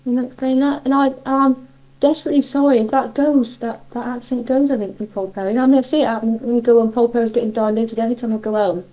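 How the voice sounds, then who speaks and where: A woman's voice: on the high side, fairly even intonation, fast, dark tone, rough recording. A middle-aged woman from Cornwall with a Cornish accent, chatting in an interview and reminiscing in a rambling way with frequent self-corrections. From Cornwall, England.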